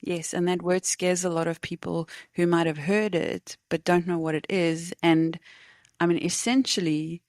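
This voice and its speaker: A woman's voice: on the low side, flat delivery, normal speed, darkish tone, no room sound, studio quality. A woman co-hosting a podcast in a casual conversation, supportive and engaged, often finishing her partner's thoughts. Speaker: podcast co-host.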